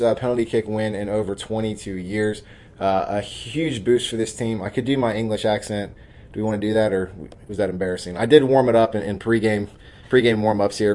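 A man's voice: mid-range voice, a little mellow. Man, podcast host, casual sports betting chat, brash, joking, studio. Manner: brash, joking, hypes his own picks. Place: studio office.

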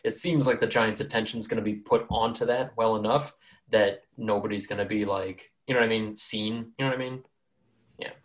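A man's voice: fairly low pitch, fairly even intonation, a little fast. A man hosting a tabletop game podcast, narrating casually with many fillers and frequent laughter. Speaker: game master and podcast host.

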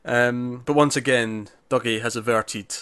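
A man's voice: mid-range voice, fairly even intonation, measured pace, fairly bright tone, clear, resonant tone, dry recording. Chatty man recapping a show. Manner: chatty, lots of fillers and acted-out quotes. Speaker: podcast co-host. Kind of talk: casual chat recapping a TV episode.

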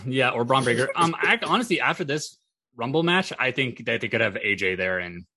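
A man co-hosting a casual wrestling podcast, talking in halting bursts full of fillers and the odd swear word. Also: mid-range voice, expressive, a loud crowd. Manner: halting, filler-heavy, profane. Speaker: podcast co-host.

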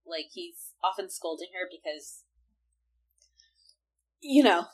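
A woman co-hosting a casual podcast, retelling an episode with animated play-acting of the characters' lines. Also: lowish voice, slow pace, husky. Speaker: podcast co-host. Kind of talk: casual chat recapping an anime.

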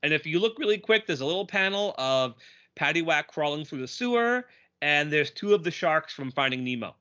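Male podcast co-host, bright and a bit high, animated casual chat, dull lo-fi audio. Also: a little fast. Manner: animated, quips and reads lines aloud.

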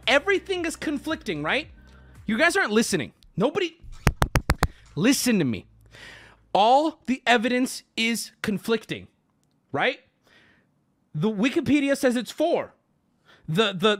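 Male streamer, lively swooping delivery, sarcastic and profane, arguing with his chat. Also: extremely high pitch. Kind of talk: live-stream rant to chat.

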